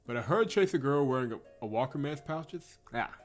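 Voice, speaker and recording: A man's voice: medium pitch, expressive, fairly quick, soft background music. Chuckling man reading a game aloud. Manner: chuckles often, breaks off into playful commentary; stumbles and self-corrects on words. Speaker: streamer reading a visual novel aloud. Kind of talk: dramatic read-through with casual asides.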